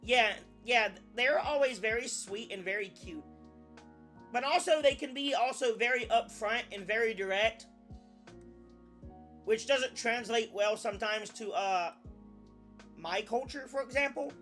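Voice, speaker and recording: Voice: medium pitch, a little slow, pauses often, fairly bright tone, soft background music. A young adult VTuber chatting casually on a live stream, rambling, often restarting sentences and swearing now and then.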